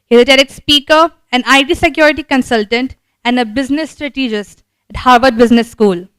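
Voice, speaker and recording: A woman's voice: high voice, a little fast, a bit bright, clean tone, no room sound, rough recording. A woman, hosting an event and formally reading out a speaker introduction. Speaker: event host.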